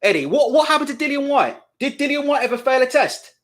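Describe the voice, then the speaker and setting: Man, high voice, swooping pitch, indignant profane boxing rant. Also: very animated, fast, fairly bright tone. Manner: indignant, profane, repeats questions. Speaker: boxing commentator and host. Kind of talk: live commentary rant.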